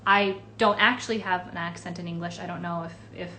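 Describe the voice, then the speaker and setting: A woman's voice: fairly low pitch, steady tone, fairly quick, pushed and bright, a little hiss or hum. Chatty woman answering fan questions. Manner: chatty, rambling with many fillers. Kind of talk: casual livestream Q&A. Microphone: phone or webcam livestream.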